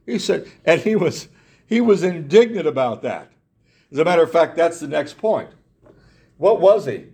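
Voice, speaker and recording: A man's voice: a little high, sing-song, moderate pace, dark tone, husky. A man preaching a sermon in an earnest way, repeating himself, restarting phrases and asking his listeners rhetorical questions.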